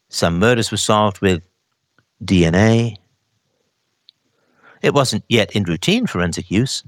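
Animated man arguing in a monologue. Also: lowish voice, dry recording, studio quality. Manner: animated, acts out other people's voices in quotes; argumentative, poses rhetorical questions. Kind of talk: casual monologue commentary.

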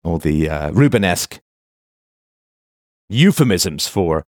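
A man's voice: sits low, very animated, slow pace, a little mellow, no echo, studio quality. A man delivering a monologue of commentary in a sarcastic manner, now and then mocking the voices of the people he quotes.

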